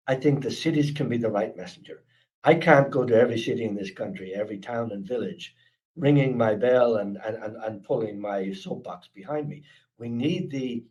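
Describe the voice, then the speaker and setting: A man's voice: medium pitch, a little mellow. An Irish man with an East Coast accent, giving a chatty, earnest webinar talk on security awareness and taking questions, often restarting his sentences. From Ireland. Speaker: speaker presenting a security awareness program.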